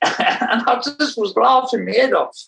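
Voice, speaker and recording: A man recounting a story in a casual interview, animated and rambling, often laughing as he talks. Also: very high voice, unhurried, vocal fry, a little hiss or hum, poor audio. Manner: animated, laughs while telling, rambling restarts. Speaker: interview guest.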